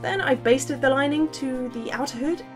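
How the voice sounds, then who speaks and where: A woman chatting casually through a sewing vlog, playful and quick to poke fun at herself. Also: high voice, soft background music. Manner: chatty, playful, self-mocking asides. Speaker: costume maker.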